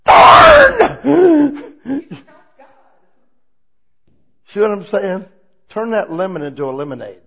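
A man preaching an informal, conversational sermon, asking the congregation many questions and swinging between quiet asides and loud, emphatic lines. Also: sits high, animated, fairly quick. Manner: asks the listeners many rhetorical questions.

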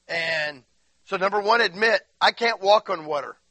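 A high-voiced man preaches with a bright, tense edge. He is emphatic and moves from quiet asides to shouting and crying peaks while speaking through bodily pain. The sound is dry and close, with little room echo. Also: normal speed. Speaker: pastor. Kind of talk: sermon.

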